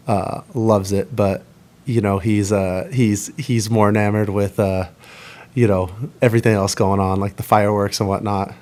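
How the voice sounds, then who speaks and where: A man in his thirties, a baseball pitcher, answering press conference questions in a rambling, halting way with many fillers. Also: darkish tone.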